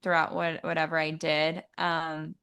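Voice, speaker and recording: A woman singer as an interview guest, talking thoughtfully with many pauses and fillers. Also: low voice, monotone, a bit bright, smooth. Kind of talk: casual interview chat.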